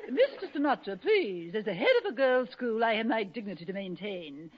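A woman's voice: mid-range voice, very animated, fairly quick, slightly rough. An actress playing a prim, dignified older headmistress of a girls' school in a 1940s radio comedy, given to gushing. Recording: muffled old radio broadcast with heavy hiss.

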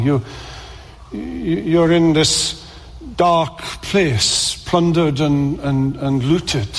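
A man preaching a sermon in earnest tones, repeating words and slowing down for emphasis. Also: a little high, vocal fry, long reverb tail.

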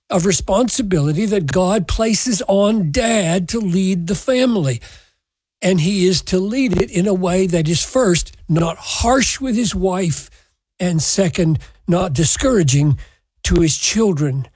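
Male preacher, husky voice, measured and emphatic sermon delivery. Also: sits high, darkish tone, no room sound, rough recording. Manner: measured, emphatic scripture exposition. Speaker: pastor.

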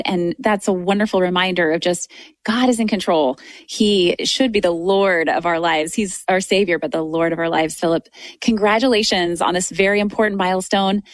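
Female radio host, reverent and welcoming, dry booth, mid pitch. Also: normal speed, dry recording. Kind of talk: radio show hosting.

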